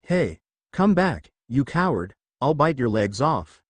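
A man's voice: medium pitch, big pitch swings, slow, no room sound. A man voicing a boastful, stubborn knight who hurls defiant insults. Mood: taunting.

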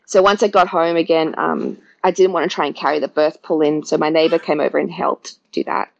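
A woman's voice: deep voice, steady tone, brisk, gravelly, lo-fi sound. A woman, a podcast guest chatting through her birth story and acting out her own past words. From Australia.

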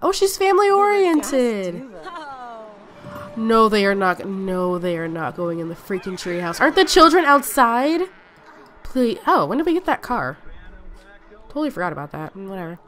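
A woman's voice: mid-range voice, big pitch swings, moderate pace, fairly bright tone, soft background music. A woman hosting a casual let's-play video, chatty and often exclaiming as she talks to her game characters. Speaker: gaming video host.

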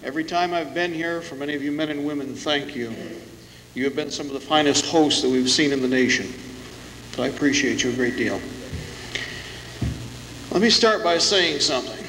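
Forceful male keynote speaker in echoey hall. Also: fairly high pitch, moderate pace, long pauses. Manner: forceful, orating with dramatic emphasis. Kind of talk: fiery political speech. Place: conference hall with a live audience. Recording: echoey hall, hissy old tape.

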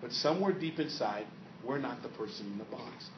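A man's voice: medium pitch, expressive, brisk. Male motivational trainer, dramatic storyteller who quizzes the crowd; recorded far off in an echoey seminar hall. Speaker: network marketing trainer. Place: seminar room with live audience. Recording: echoey hall, distant, dull and noisy.

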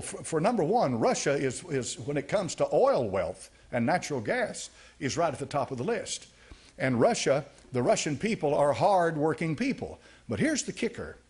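A male pastor delivering a sermon with a slightly husky, somewhat high voice. His pitch swings widely as he preaches. He hammers his points home by repeating phrases.

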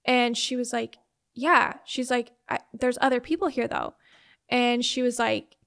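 A woman's voice: a little high, level tone, unhurried, a bit bright. Young woman telling a personal story, chatty. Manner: conversational, many "like" and "um" fillers, quotes family members in retelling. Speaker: interview guest. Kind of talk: personal storytelling in a sit-down interview.

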